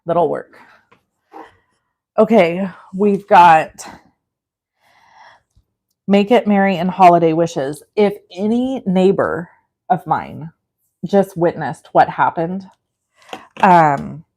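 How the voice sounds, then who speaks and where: A woman in her forties leads a casual live crafting session with a somewhat low-pitched voice. She chats loosely and rambles, poking fun at herself. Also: a little mellow. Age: 40s. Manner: chatty, rambling and self-deprecating. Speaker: craft livestream host.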